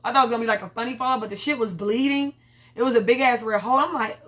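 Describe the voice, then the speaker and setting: A woman's voice: fairly high pitch, rapid-fire. A woman recapping a TV episode in casual, profane chat, bluntly retelling scenes in her own words and voices. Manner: blunt, profane, animated storytelling with quoted voices. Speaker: TV recap host.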